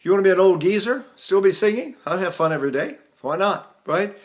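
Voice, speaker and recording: Older male voice teacher, high lively voice. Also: fairly quick. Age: 80s. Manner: demonstrates with falsetto vocalises and sung vowels; relaxed, conversational explaining. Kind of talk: vocal technique lesson with sung demonstrations.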